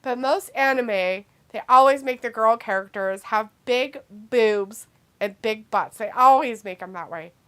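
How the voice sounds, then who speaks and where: A woman's voice: a little high, measured pace, smooth. A woman co-hosting a casual live stream, reading chat messages out and joking sarcastically. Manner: reads chat messages aloud, laughs a lot, sarcastic. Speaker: co-host of a wrestling watch-along stream.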